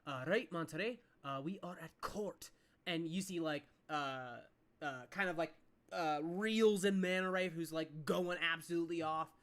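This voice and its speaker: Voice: medium pitch, fairly bright tone, clean tone. Rambling, filler-heavy game master. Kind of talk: narrating a tabletop game.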